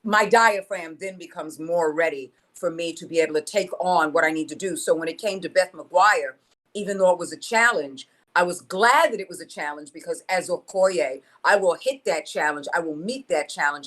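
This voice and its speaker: A woman's voice: fairly low pitch, normal speed, a bit bright. A woman on a video call panel, speaking in an emphatic, rousing way that builds through repetition. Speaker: voice actor guest.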